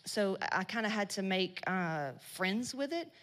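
A woman's voice: mid-range voice, animated, moderate pace. A woman giving a blunt, profane motivational talk to a live audience at a women's business event. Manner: blunt, swearing, slangy and loud in bursts. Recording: long hall reverb.

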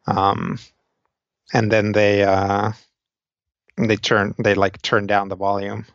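A man runs a tabletop game in a low voice. He talks slowly, halting over fillers and restarts, and his words stay unhurried as he lays out the scene. The recording is dry and a little dull. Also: monotone, no echo. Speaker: game master.

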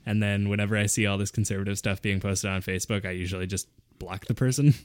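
A fast-talking man with a lowish voice chats on a podcast and keeps the words tumbling out. His sound is close and dry, straight into the mic. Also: level tone, clear, resonant tone, no echo. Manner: quick and chatty, laughs as he talks. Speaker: podcast co-host. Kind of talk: casual chat.

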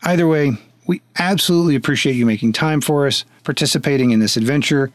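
A man's voice: a little high, fast talker. Wry, joking male game master. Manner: wry, joking, casually profane. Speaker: game master and podcast host. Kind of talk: running a tabletop game, then patron thanks.

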